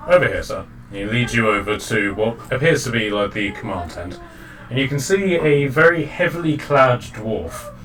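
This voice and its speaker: A man's voice: medium pitch, normal speed, fairly bright tone. A man narrating a tabletop game as dungeon master, rambling with many ums and restarts. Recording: distant mic with faint noise.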